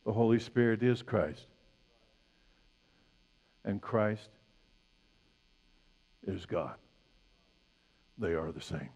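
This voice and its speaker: A man's voice: animated, extremely slow, vocal fry, pauses often, muffled recording. Dynamic preaching man in a reverberant hall. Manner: dynamic preaching, swinging from loud emphatic peaks to hushed low lines. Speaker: pastor. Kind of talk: sermon.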